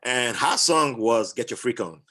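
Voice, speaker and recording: Man, podcast guest, casual chat, animated storytelling, mid-pitched voice. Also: unhurried.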